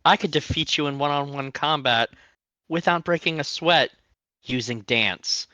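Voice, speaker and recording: Cocky, bright tabletop player. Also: medium pitch, unhurried, dry recording. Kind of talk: casual tabletop play.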